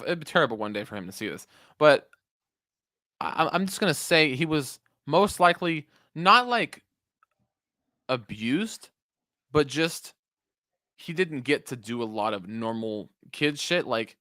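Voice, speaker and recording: A man's voice: a little high, sing-song, a little slow, bright, forceful tone, dry recording, studio quality. A young man co-hosting a podcast in casual chat, rambling and cutting himself off, swearing often. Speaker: podcast co-host.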